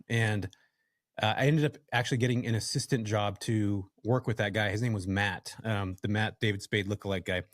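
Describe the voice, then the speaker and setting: A man from California, a podcast guest, telling a story from his working life in a casual, animated way and addressing the listeners directly. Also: lowish voice, dry recording, studio quality. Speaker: podcast guest, real estate investor.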